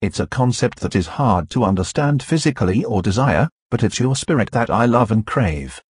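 A man reading a devotional prayer in an earnest, devoted, steady way. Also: fairly low pitch, normal speed, breathy edge, no room sound, clean studio sound.

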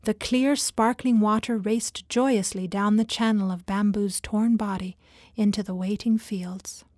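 A woman narrating a fable in a soft, lyrical, often half-whispered reading. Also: medium pitch, steady tone, measured pace, dry recording, studio quality. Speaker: storyteller. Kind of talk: scripted narration.

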